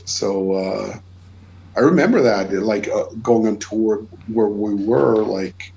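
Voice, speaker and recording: A man's voice: fairly low pitch, takes it slowly, vocal fry, highs cut off, a little hiss or hum. A Swedish man speaking English with a Swedish accent, a guest chatting on a podcast, telling stories with plenty of swearing and restarts. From Sweden. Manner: swears freely, many restarts, animated storytelling. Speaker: guest musician. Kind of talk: casual podcast chat.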